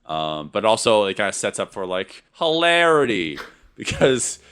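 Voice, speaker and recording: A man with a crisp, resonant voice and a strong, bright edge chats about a movie on a podcast. He rambles through his points with plenty of sarcasm and quick laughs. His pitch sits slightly low. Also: sing-song. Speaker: podcast co-host. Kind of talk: casual film discussion. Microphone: podcast mic.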